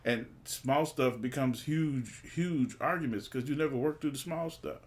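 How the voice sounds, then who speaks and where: A man's voice: medium pitch, measured pace. A man co-hosting a relationship podcast, talking casually and emphatically, repeating phrases to drive his point home. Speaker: podcast co-host.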